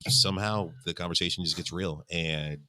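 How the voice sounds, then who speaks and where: A man's voice: low-pitched, fairly even intonation, moderate pace, bright, forceful tone, no room sound. A young adult man co-hosting a podcast, talking in a rambling way full of fillers and swearing. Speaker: podcast co-host. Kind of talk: casual podcast chat.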